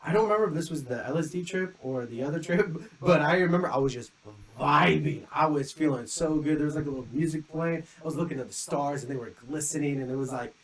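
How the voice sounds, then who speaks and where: A man's voice: on the high side, fast talker, few pauses, low-quality recording. Rambling young man telling a story. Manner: rambling, lots of "like" fillers, lively re-enacted quotes. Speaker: podcast co-host. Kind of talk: casual storytelling chat.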